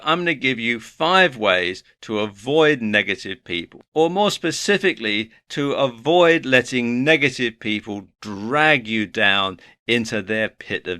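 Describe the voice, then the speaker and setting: A man giving self-help advice in a relaxed, conversational way. His pitch rises and falls with lively movement, and his voice has a bright, forward edge. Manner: earnest, advising, conversational. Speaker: self-help video presenter. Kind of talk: motivational talk to camera.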